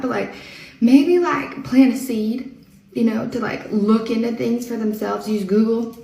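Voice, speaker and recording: A chatty woman tells a story from daily life in an animated, laughing way. Her voice has a gravelly edge. She is recorded in an echoey room, some distance from the mic. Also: a little high, normal speed. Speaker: storyteller in an online clip. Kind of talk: casual storytelling to camera.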